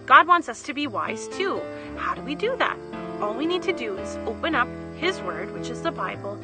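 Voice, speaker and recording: A woman teaching a children's Bible lesson, explaining in simple, gentle words. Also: high voice, very animated, moderate pace, rough recording. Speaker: Sunday school teacher. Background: music.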